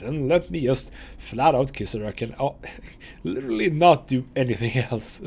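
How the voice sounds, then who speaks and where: Man, let's play host, casual chat, reads game text aloud, gravelly, lively pitch. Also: moderate pace.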